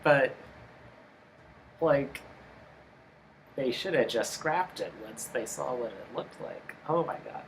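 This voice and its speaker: A co-host in a casual review chat, explaining and criticizing with quick asides. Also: medium pitch, lively intonation, a little hiss or hum, low-quality recording. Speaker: podcast co-host.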